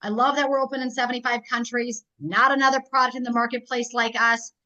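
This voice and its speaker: A middle-aged woman giving an energetic, rallying business training talk as a network marketing team leader, telling stories quickly. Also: a little high. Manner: energetic, rallying, rapid storytelling. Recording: dull lo-fi recording.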